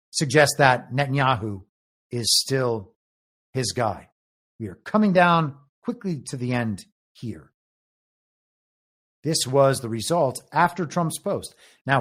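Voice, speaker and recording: A man hosts a political commentary show. His voice sits at a middle pitch, and he reads out headlines and muses over them in a wry, speculative tone. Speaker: show host and moderator. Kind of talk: political commentary, reading out news.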